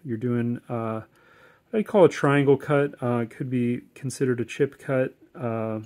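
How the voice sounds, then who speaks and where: A man teaching a whittling lesson step by step, in a relaxed, chatty way with corny jokes and plenty of fillers. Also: medium pitch, a little slow. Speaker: woodcarving instructor. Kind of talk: casual step-by-step tutorial.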